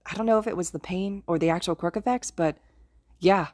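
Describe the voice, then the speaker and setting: A woman voicing a nervous, eager teenage boy hero who stammers and gushes in a quick, excitable voice. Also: fairly low pitch, no room sound, studio quality, natural voice.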